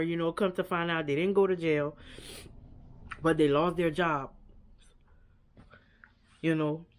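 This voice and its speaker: A woman's voice: low-pitched, a little mellow. A woman vlogger giving a casual, earnest reaction to a documentary. She repeats herself often and leans on "like" and "you know.".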